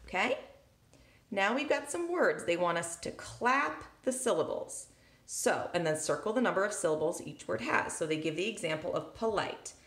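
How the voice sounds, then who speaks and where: A woman's voice: fairly low pitch, fairly bright tone. A woman teacher talking students through a worksheet, thinking aloud step by step and tapping out syllables on the table as she records with one hand. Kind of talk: recorded classroom lesson walkthrough. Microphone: handheld recording device. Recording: echoey room.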